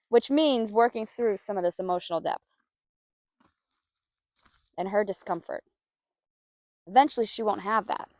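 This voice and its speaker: A woman horse trainer talking casually as she works outdoors with a horse, praising it softly. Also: medium pitch, no room sound. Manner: soft, coaxing praise to the horse.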